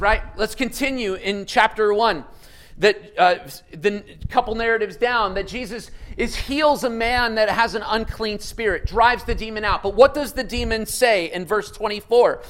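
Male preacher, high-pitched voice, energetic, asks the congregation questions, reads scripture with dramatic emphasis. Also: moderate pace, rough recording. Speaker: pastor. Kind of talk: sermon.

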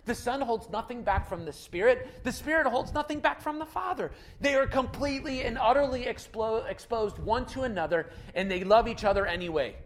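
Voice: mid-range voice, fairly quick, few pauses, slight background noise. Conversational preacher with emphatic repetition. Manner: conversational, emphatic, repeats key phrases. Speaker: pastor. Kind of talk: sermon.

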